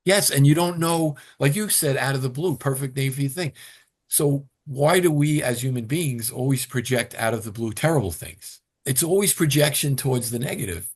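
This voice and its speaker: A man's voice: mid-range voice, normal speed, husky. An older man, a retired firefighter, talking casually as an interview guest and acting out quoted lines as he tells stories. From New York. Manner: animated storyteller, acts out quotes.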